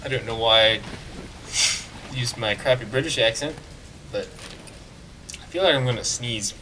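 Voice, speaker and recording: A man giving casual, excitable commentary while playing a video game, joking and talking back to the game. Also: mid-range voice, normal speed, distant mic, a little hiss or hum. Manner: excitable, jokey, talks to the game. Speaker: let's play gamer.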